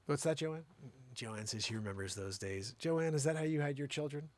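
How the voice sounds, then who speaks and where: A man's voice: fairly high pitch, normal speed, no echo. A man hosting a comedic monologue, rambling and teasing as he jokes. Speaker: host.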